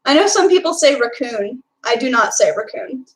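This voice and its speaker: Young woman, Texan accent, high-pitched, casual streamer chat, lots of fillers. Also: animated, fast talker, poor audio. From Texas. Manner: chatty, reads and answers chat, filler-heavy.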